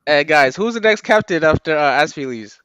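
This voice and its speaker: A man's voice: on the high side, expressive, fairly quick, muffled recording, a crowd in the background. A blunt, sweary man in a casual stream chat who laughs between his points.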